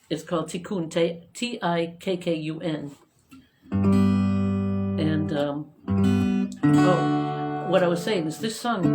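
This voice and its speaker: A woman singer-songwriter chatting casually between songs on a home live stream, rambling with plenty of ums and uhs. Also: low voice. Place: home living room. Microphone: guitar plugged in and a live-stream microphone. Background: her own acoustic guitar playing loudly.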